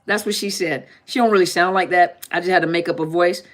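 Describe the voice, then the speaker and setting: A woman's voice: fairly low pitch, steady tone, quick pace. A woman therapist hosting a live-stream Q&A in a casual, joking tone, often repeating herself and laughing. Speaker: therapist and channel host.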